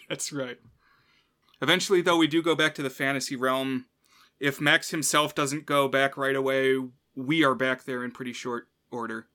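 A man co-hosting a podcast, talking casually in an upbeat, joking way with quick asides. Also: mid-range voice, fairly even intonation, sharp tone. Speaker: podcast co-host. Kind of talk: casual chat.

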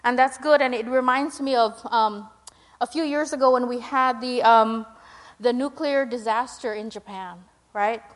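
High-voiced woman giving a chatty sermon. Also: moderate pace. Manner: chatty, full of fillers and "right?"; acts out her own prayers in a higher, louder voice. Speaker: speaker at a church gathering. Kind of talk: informal sermon with slides.

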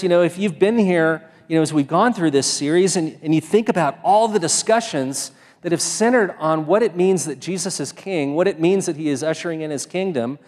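A man delivers a sermon in a loose, conversational way, often restarting his sentences. His voice sits a bit high for a man. The sound rings with the long reverb of a church sanctuary. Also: darkish tone. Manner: conversational, many fillers and restarts. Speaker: pastor.

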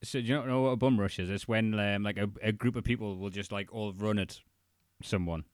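Casting: lower-voiced male podcast co-host, playful storyteller, dry close sound. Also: steady tone, no echo. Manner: joking, retells the story with quick asides. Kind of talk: casual chat recapping a documentary.

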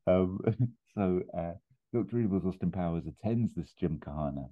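Deep-voiced man on a tinny line. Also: animated, normal speed. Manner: rambling storytelling with brief put-on voices and chuckles. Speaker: podcast host pitching a film plot. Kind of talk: casual comedic pitch.

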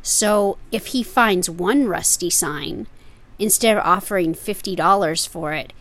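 A woman's voice: lowish voice, a little slow. A woman co-hosting a podcast, telling stories in casual chat. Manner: storytelling, animated. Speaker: podcast co-host.

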